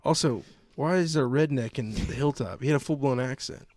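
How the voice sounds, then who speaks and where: A man co-hosting a relaxed podcast tells stories with energy and plenty of swearing. His voice sits at an ordinary middle pitch. The sound is dry and close, with no room echo. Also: a little fast. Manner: profane, animated storyteller. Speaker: podcast co-host. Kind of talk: casual chat. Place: remote recording, like a video call.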